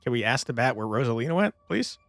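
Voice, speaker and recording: A man hosting a let's play, reading the game's text aloud and chatting casually between lines. His voice is gravelly and animated, recorded on a close mic in a dry room. Faint game music plays underneath. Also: mid-range voice, fast, dry recording. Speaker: let's play gaming channel host.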